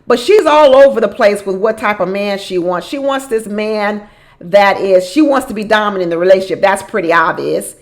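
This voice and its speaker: A woman giving a casual recap of a reality show. She is animated, often repeats phrases for emphasis, laughs often and talks straight to the people on the show. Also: mid-range voice, normal speed. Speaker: reality show commentator and relationship coach.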